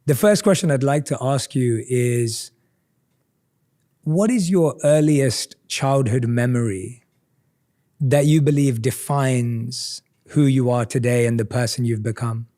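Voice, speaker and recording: A man's voice: mid-range voice, slow pace, dark tone. A man in his thirties hosting a podcast, earnest and grateful as he introduces and asks questions. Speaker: podcast host.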